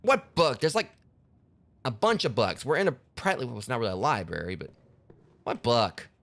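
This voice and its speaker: Joking male let's player, rambling commentary with a lively, swinging voice. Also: mid-range voice, a little fast, creaky. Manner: rambling, joking, lots of fillers. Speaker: gaming channel host. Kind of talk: casual let's play commentary.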